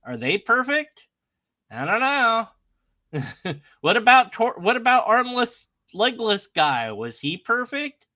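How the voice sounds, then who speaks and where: A man's voice: extremely high pitch, big pitch swings, slow, bright, forceful tone. A man hosting a casual online video, talking sarcastically through a string of questions and mock voices. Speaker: YouTube host. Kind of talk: casual commentary on images.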